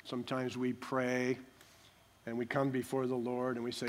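A man preaching a sermon with passion, moving between loud pleading and quiet earnest talk, and acting out prayers and quoted voices. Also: medium pitch, monotone, normal speed.

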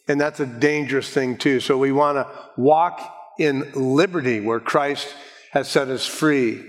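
Pastor teaching verse by verse. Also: male voice, medium pitch, big-room sound. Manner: measured, explanatory, slows to stress key words. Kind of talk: expository Bible teaching sermon.

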